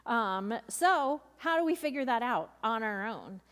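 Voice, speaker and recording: A woman's voice: fairly high pitch, lively intonation, a little slow, fairly bright tone, smooth. Chatty youth leader woman in a reverberant hall. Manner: chatty, frequent ums and asides. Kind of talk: workshop talk with personal stories. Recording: long reverb of a large room.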